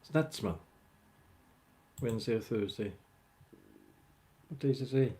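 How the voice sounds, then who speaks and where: A man's voice: mid-range voice, expressive, normal speed, dark tone. A man hosting a casual livestream, rambling as he chats with viewers by name. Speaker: livestream host chatting with viewers. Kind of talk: casual live chat.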